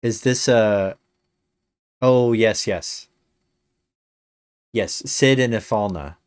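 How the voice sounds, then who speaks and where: Slow, low-voiced joking male streamer. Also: smooth, no echo. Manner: rambling, dry joking with many fillers. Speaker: game streamer. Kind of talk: casual live-stream chat.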